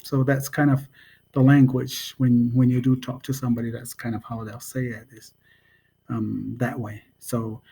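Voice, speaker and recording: A man teaching a language in a casual spoken lesson, unhurried and hesitant, with many pauses and fillers. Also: mid-range voice, level tone, creaky, warm tone, slightly rough.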